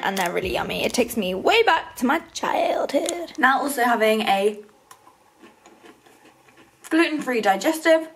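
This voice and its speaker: A young woman chatting casually to camera at home in her kitchen, playful and talkative while she eats. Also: fairly high pitch. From England. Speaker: vlogger. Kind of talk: casual vlog chat to camera.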